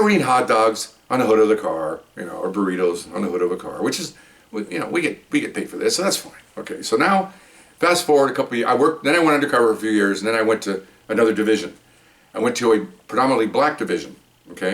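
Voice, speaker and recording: An older man, a retired police officer, telling work stories in a rambling, digressive way, getting animated when he quotes people. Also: mid-range voice, distant mic. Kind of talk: casual storytelling monologue.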